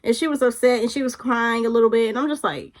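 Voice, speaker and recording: A young woman spins a casual storytime in a slightly high voice. She talks in loose slang and acts out the other people's lines with big jumps in pitch. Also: fast. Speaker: storytime vlogger.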